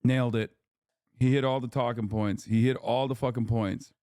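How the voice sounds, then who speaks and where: A man's voice: mid-range voice, steady tone, moderate pace, dark tone, no room sound, studio quality. A man hosting a live stream, reacting to clips with blunt, profane, sarcastic commentary. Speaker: streamer host.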